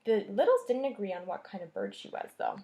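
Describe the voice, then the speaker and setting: A woman teacher reading a chapter book aloud to her class, telling the story expressively and pausing to point at the pictures. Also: medium pitch, huge pitch swings, mellow.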